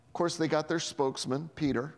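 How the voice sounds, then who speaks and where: A male pastor preaching a sermon with lively delivery, acting out the dialogue of biblical characters. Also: fairly high pitch, a little fast, vocal fry, long reverb tail. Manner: animated, acts out dialogue.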